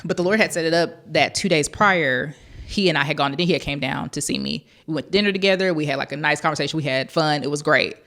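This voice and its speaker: A woman's voice: deep voice, fast talker. A woman from Georgia, a podcast guest, telling an emotional personal story with heartfelt intensity. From Georgia, USA. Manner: heartfelt, quotes others in a softer voice.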